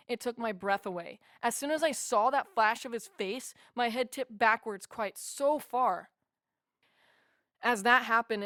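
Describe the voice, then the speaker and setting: A woman's voice: fairly high pitch, a bit bright, no room sound, clean studio sound. Earnest woman reading her memoir. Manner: earnest, heartfelt storytelling. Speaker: audiobook narrator. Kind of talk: first-person memoir narration.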